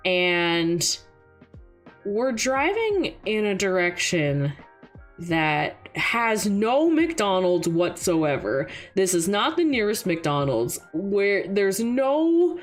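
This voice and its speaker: A young woman streaming casual chat, an animated storyteller who laughs often. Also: lowish voice, slow pace, soft background music.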